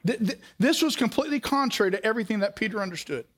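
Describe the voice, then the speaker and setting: A man with a strikingly high-pitched voice preaches a sermon, moving through stories and putting direct questions to the congregation. He shifts between hushed, slow stretches and higher, faster passages. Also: lively intonation. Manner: storytelling, direct questions to the listeners. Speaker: pastor.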